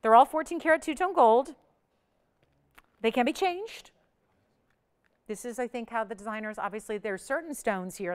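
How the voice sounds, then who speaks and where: A woman hosting a live shopping channel, giving an upbeat, persuasive sales pitch straight to the viewers. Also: clean tone.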